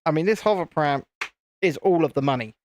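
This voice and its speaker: A man's voice: a little high, animated, brisk, a little hiss or hum. A British man casually chatting and rambling with jokes while hosting a live building stream. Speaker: livestream host.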